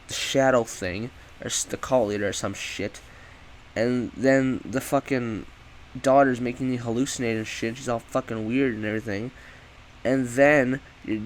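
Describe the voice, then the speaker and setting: A man's voice: medium pitch, a little hiss or hum, rough recording. A man giving a rambling, profane, casual review of a video game, often correcting himself.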